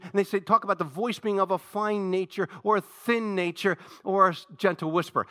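A male pastor preaching with a fervent, dynamic delivery, moving between hushed stretches and loud, rising passages. His voice is somewhat high for a man, and it has a bright, forceful edge. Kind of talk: sermon.

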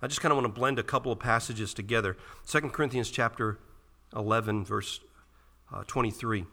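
A man's voice: mid-range voice, fairly quick, pushed and bright, big-room sound. A man preaching a sermon to his church in an earnest, emphatic manner. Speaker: pastor.

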